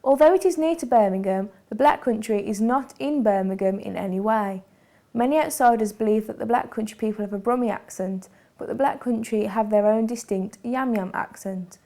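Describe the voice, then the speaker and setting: A woman giving scripted documentary narration in a measured, formal way. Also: fairly high pitch, warm tone.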